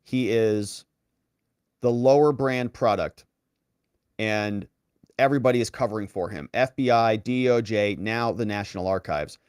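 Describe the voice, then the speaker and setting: A man's voice: lowish voice, unhurried, darkish tone, clean tone, no echo, studio quality. A man hosting online political commentary, walking through documents with sarcastic, incredulous asides. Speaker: legal commentary host.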